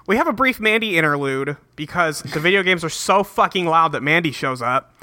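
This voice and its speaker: A man co-hosting a casual podcast, recapping a cartoon episode in a profane, joking way and tossing in quick quoted lines. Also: fairly high pitch, lively intonation, bright, forceful tone. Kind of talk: casual chat.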